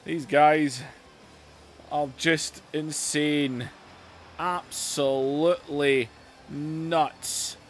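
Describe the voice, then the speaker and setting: A gaming YouTuber reacts with loud amazement while commentating a wrestling match. His voice sits a little high, and a faint hum of noise runs behind it. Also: fairly even intonation, drawn-out words, long pauses. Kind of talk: casual commentary over a wrestling video game.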